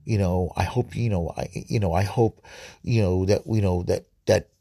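A man with a low, husky voice preaches in an earnest, informal way, circling back over his words and restarting phrases. The sound is close and dry, with no room around it. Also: steady tone, mellow, dry recording. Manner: earnest, repetitive, halting with many restarts. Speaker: podcast preacher. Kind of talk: informal spoken reflection and prayer.

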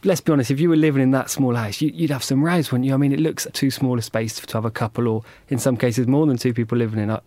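Male co-host, rapid, informative, rambling a bit, dry mic. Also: mid-range voice, steady tone, mellow, dry recording. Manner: easygoing, informative, slightly rambling. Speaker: radio co-host. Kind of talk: casual chat.

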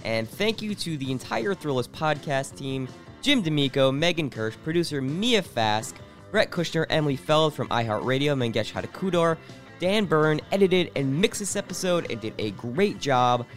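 A podcast host closing the episode with upbeat thanks and credits. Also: male voice, fairly high pitch, expressive, moderate pace, soft background music. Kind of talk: show sign-off.

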